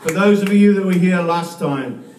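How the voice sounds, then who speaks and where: A man working through a stand-up comedy set, stumbling and restarting his lines as he goes. His voice sits high for a man. He is picked up from some distance in an echoey room, with faint noise underneath. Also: darkish tone, a faint crowd. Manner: halting delivery with repeated words and restarts.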